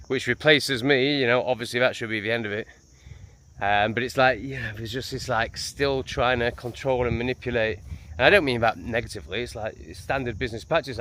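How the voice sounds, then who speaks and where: An English man chatting to camera in a vlog beside a lake, animated and full of asides. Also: medium pitch. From England. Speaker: vlogger. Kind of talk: casual vlog talk to camera. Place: outdoors by a lake. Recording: noisy outdoor recording.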